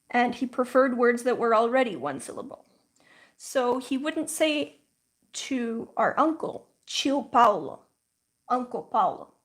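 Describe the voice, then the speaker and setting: Brief: woman host, relaxed slow pace, chatty stream talk full of "like"s. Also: sits high. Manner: chatty, frequent "like" fillers, storytelling; slow, thoughtful explaining. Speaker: livestream host. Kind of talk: casual livestream chat.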